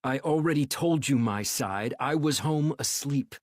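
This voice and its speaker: A man's voice: medium pitch, very animated, moderate pace, breathy edge, no echo, voice pushed up. A man doing a tense, clipped police officer. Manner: clipped, through gritted teeth.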